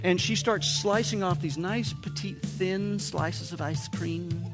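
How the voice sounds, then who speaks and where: A man's voice: high-pitched, slow pace, long reverb tail, over music. A man with an American accent preaching a sermon as pastor, telling humorous stories and putting on playful voices for quotes. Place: church sanctuary.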